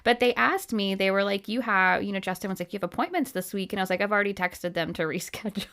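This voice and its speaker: A woman's voice: medium pitch, fast talker. Chatty woman in her thirties hosting. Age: 30s. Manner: chatty, animated storytelling with frequent laughs. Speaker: podcast host. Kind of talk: casual interview chat.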